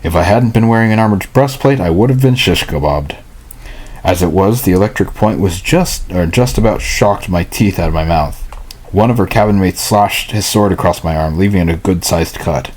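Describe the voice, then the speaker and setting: A man reads a novel aloud at home, and his voice sits low and husky. He reads in a halting way, stumbling and going back over whole lines before he carries on. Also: a little mellow. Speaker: hobby reader. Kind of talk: reading a novel aloud, with casual asides.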